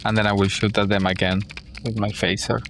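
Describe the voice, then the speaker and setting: A low-voiced man at a tabletop game describes his moves in a plain, matter-of-fact way. Faint noise sits behind him. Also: little pitch movement, brisk, a bit bright. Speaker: player. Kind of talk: casual tabletop play.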